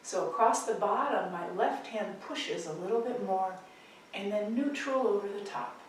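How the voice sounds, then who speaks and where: A woman teacher gently talks students through slow tai chi movements, her calm cues spaced out with pauses. Her voice sits in a mid range and sounds a little distant from the mic, with strong room echo around it and a faint hum of ambience behind. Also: medium pitch. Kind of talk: guided movement instruction.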